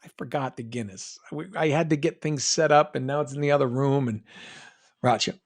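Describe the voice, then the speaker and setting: In a brisk, mid-range voice, a middle-aged New England man answers fan questions during a live stream as a voice actor. His casual, rambling talk includes reading fan comments aloud and frequent restarts where he interrupts himself.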